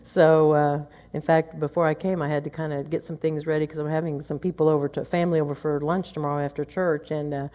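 A woman's voice: low voice, little pitch movement, fast, few pauses, warm tone. A middle-aged woman from Oklahoma teaching a women's Bible study, chatty and anecdotal, acting out little grumbles under her breath. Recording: long hall reverb.

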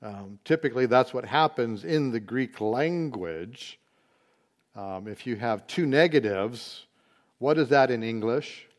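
A man teaching a Bible study, explaining word meanings slowly and deliberately, with occasional fillers. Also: medium pitch, lively intonation.

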